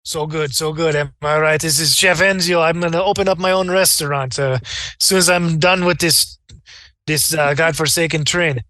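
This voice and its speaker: A man's voice: a little high, steady tone, moderate pace, sharp tone. A man putting on a boastful Italian-accented chef. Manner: exaggerated mock Italian accent.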